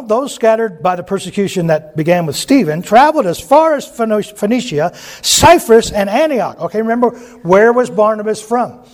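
Pastor, male, high voice, casual joking sermon delivery, keeps checking in with listeners. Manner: folksy, joking, asks the audience questions.

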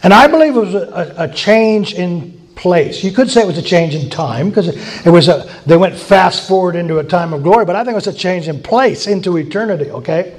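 High-voiced man preaching conversationally. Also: lively intonation, fairly quick, few pauses. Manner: conversational, chuckling asides, emphatic repetition. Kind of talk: informal sermon teaching.

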